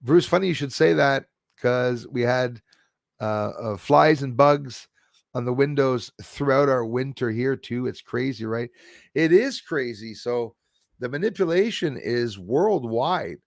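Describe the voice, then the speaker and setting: A man's voice: medium pitch, lively intonation, measured pace, creaky, no room sound, clean studio sound. Rambling Quebecois man hosting a live stream. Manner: rambling, reads out and answers viewer comments. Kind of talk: casual live stream chat.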